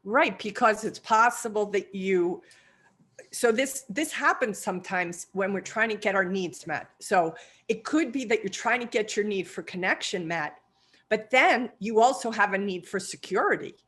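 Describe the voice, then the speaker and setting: A woman's voice: medium pitch, moderate pace, a bit bright, husky. A woman hosting and coaching, asking probing questions and affirming what she hears. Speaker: trading psychology coach and host. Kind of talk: coaching conversation.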